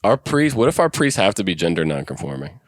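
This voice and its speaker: A man's voice: sits low, very animated, quick pace, no echo, clean studio sound. A man co-hosting a casual comedy podcast, talking in a playful, slangy way. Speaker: podcast co-host.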